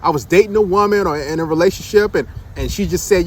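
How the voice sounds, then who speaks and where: Blunt high-voiced man ranting. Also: fast talker, a little hiss or hum. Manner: blunt, emphatic, rhetorical questions. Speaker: dating commentator. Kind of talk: casual monologue commentary.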